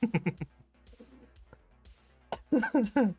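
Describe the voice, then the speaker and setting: A man's voice: very high-pitched, expressive, very slow, darkish tone, breathy edge, muffled recording, faint music behind. A young man hosting a live stream, chatting casually with his chat, rambling and laughing at himself. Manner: giggly, rambling, self-deprecating. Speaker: livestream host.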